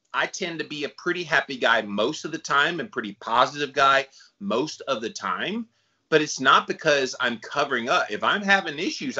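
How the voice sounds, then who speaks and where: A man chats on a podcast in a conversational, upbeat way. His voice is bright and forceful. The sound is a little dull and lo-fi. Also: mid-range voice. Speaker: podcast co-host.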